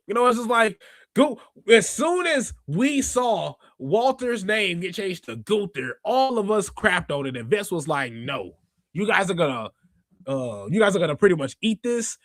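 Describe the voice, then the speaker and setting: A man's voice: high-pitched, fairly bright tone, no room sound, studio quality. A man hosting a podcast in casual, rambling chat, laughing often as he talks. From Chicago area. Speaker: podcast host. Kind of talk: casual wrestling review chat.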